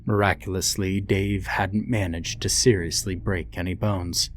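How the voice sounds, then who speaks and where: A man reading a horror story aloud in a slow, deliberate, grim way. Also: low-pitched, fairly even intonation, a little hiss or hum. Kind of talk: scripted horror narration.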